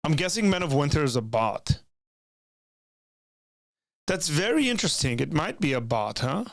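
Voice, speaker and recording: A man's voice: on the high side, sing-song, moderate pace, gravelly, dry recording, clean studio sound. A young man hosting a live stream from a home room with bookshelves, chatting to viewers in a rambling way with many restarts. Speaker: streamer reading chat. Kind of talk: casual live-stream chat. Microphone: desk microphone, leans in close.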